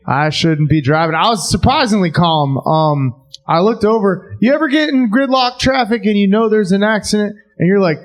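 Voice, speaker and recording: A man's voice: high voice, lively intonation, normal speed. A man doing a stand-up set in a basement venue, laid-back and rambling with lots of fillers. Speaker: stand-up comic.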